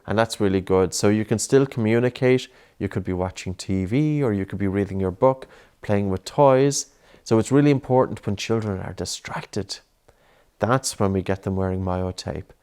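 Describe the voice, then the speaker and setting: A man coaching a child through breathing exercises, patient and encouraging, with many gentle repeated prompts. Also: fairly low pitch, moderate pace, clear, resonant tone.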